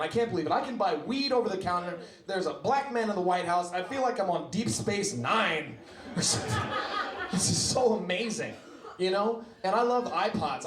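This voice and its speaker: Man, stand-up comedian, brash, profane, animated, echoey club, loud noise. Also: sits high. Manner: brash, profane, mimics other people's voices. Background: audience laughter.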